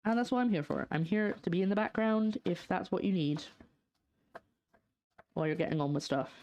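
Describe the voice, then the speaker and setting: A young woman with a Scottish accent chats her way through a home cooking livestream. Her voice sits slightly low, and she drifts between topics, answering viewers as she goes, trailing off with ums and half-finished thoughts. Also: animated, a little fast, darkish tone, dull audio. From Scotland. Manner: chatty, reads out and answers chat, trails off in fillers. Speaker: streamer. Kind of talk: casual cooking livestream chat. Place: home kitchen.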